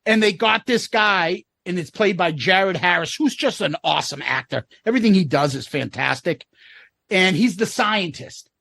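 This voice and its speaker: A man's voice: high voice, animated, normal speed, gravelly, bright, forceful tone, no room sound. A man co-hosting a casual podcast, rambling and profane as he retells scenes. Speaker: podcast co-host. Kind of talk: casual chat.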